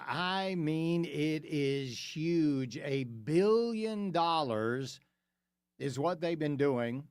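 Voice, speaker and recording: A man's voice: fairly high pitch, no room sound. A man hosting a talk radio show, delivering an opinionated monologue in a studio, emphatic and full of rhetorical questions that he answers himself.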